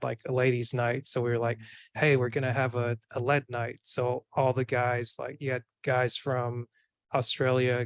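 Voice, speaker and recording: A man's voice: medium pitch, no echo. A man hosting a podcast, chatting casually and rambling with many filler words. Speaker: podcast host.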